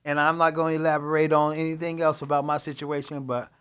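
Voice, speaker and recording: Animated man telling testimony. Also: fairly high pitch, fast, smooth. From Chicago. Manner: animated storyteller, dialect grammar, laughs often. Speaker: pastor, co-host. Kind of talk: testimony in faith talk show.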